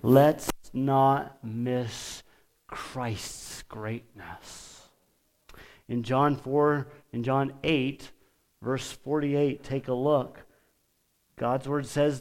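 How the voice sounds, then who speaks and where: A man preaching a sermon, emphatic and deliberate, pausing often and lifting his voice when quoting scripture. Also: mid-range voice, steady tone, a little mellow. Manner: lifts his voice for quoted scripture.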